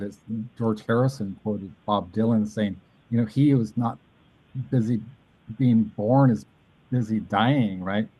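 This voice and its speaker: A Southern California man hosts a casual podcast chat, spinning a long, rambling story and animatedly mimicking the voices of people he quotes. His voice is mellow and mid-range, captured in a dry, low-quality recording.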